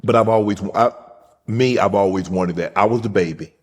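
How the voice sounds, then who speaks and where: Guy hosting, low husky voice, slow heartfelt storytelling. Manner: slow, heartfelt storytelling, dropping soft at emotional points. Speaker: host. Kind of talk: casual interview talk.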